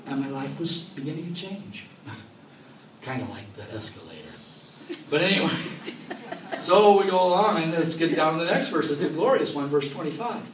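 A man preaching a sermon, lively and laughing often, acting out the voices in his stories. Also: on the high side, moderate pace, long pauses, noisy background. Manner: animated, laughing often, acts out quoted voices. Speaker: pastor. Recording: roomy sound from far off, faint ambience.

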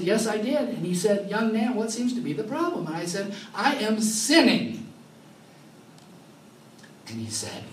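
A man preaching with a fairly high voice, animated and laughing often as he acts out the voices in his stories. The sound is roomy and heard from some distance, with faint ambience behind him. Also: a little hiss or hum. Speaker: pastor. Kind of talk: sermon.

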